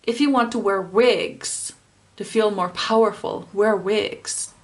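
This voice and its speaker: Woman tarot reader, mid-pitch voice, unhurried pace, blunt and impassioned, swears, addresses the viewer directly. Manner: speaks straight to the viewer. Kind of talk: pick-a-card tarot reading.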